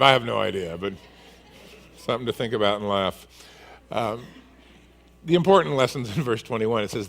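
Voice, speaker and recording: A man's voice: mid-range voice, brisk, vocal fry. A male pastor delivering a sermon, telling the story vividly and acting out its scenes. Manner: animated storyteller who acts out scenes.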